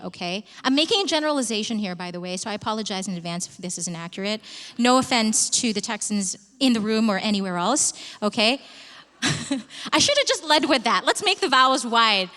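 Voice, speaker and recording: A woman leading a live vocal workshop as a coach, chatty and expressive with the audience in a conference hall. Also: a little high. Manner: expressive and chatty, addresses the room. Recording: long hall reverb.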